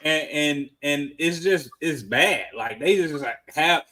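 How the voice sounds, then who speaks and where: A man co-hosting a sports podcast, loudly trash-talking rival teams with profanity and laughter. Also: on the high side, expressive, slow. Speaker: podcast co-host. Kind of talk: casual sports chat.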